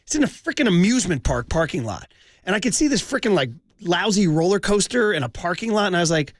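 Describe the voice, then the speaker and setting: A man's voice: high-pitched, very animated, quick pace, no echo, clean studio sound. A man in his forties hosting sports talk radio, telling heartfelt fan stories with passion and saying "dude" a lot.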